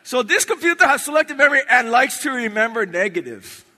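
A man's voice: very high voice, sing-song, fast talker, sharp tone. A man doing stand-up on stage in a large hall, talking in clipped broken English and chanting lists of names. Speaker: stand-up comedian.

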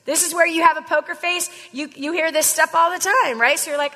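A woman with a high, bright voice coaches a room on sales and drills each point with "right?" and "okay?". Her voice rings out with a long hall reverb, and she sounds like she is teaching in a large room before an audience. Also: steady tone, brisk. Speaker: sales trainer. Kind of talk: live sales coaching session.

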